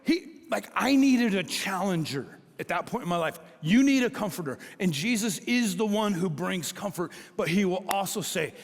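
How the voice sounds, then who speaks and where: A middle-aged man preaching a sermon as a pastor, telling stories in an animated way and acting out the dialogue. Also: high voice, normal speed, hardly any pauses, big-room sound.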